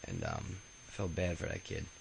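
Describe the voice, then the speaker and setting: Man, deep and gravelly, telling his memoir off the cuff: rambling, profane, full of ums and restarts. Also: big pitch swings, normal speed, slight background noise, poor audio. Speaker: autobiography narrator. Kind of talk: casual spoken memoir.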